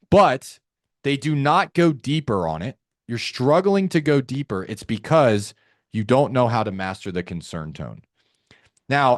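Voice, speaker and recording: An energetic man runs a live online sales training and talks straight to his audience. His pitch swings widely as he makes his points. The sound is dry and close, with no room echo. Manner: energetic, animated, addresses audience directly.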